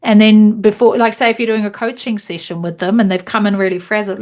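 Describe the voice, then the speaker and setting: A woman teaching meditation trainees over a video call, demonstrating guiding cues in a slow, calm voice. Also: mid-range voice.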